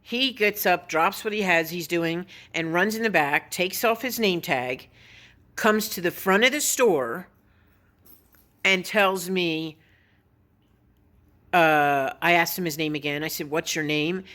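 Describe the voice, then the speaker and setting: A woman's voice: on the low side, takes it slowly, long pauses, a bit bright. A woman vlogging casually, telling a story in a blunt, opinionated way and swearing now and then. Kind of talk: casual vlog monologue.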